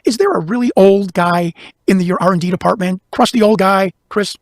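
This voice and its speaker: A man from Chicago, a guest investigator, telling a long story in casual conversation, talking quickly with lots of restarts. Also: high-pitched, no echo, studio quality. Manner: fast, animated, talks over himself with restarts.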